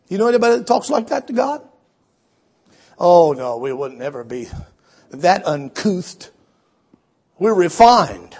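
A man preaching a sermon, animated, acting out quoted voices and swinging between shouts and hushed asides. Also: high voice.

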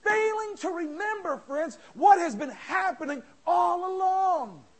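A man preaching a fervent sermon, often shouting with passion and addressing the congregation as friends. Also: extremely high pitch, lively intonation, measured pace. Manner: impassioned, shouting, calls listeners friends.

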